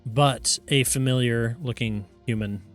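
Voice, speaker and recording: A man narrating as game master of a tabletop game in a relaxed, chatty way with fillers. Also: medium pitch, a little slow, faint music behind.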